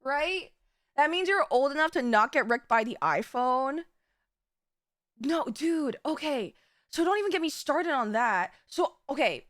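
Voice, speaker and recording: Young woman streamer, bright, sharp tone, animated storyteller who swears freely. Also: sits high, measured pace, no room sound, clean studio sound. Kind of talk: casual chat.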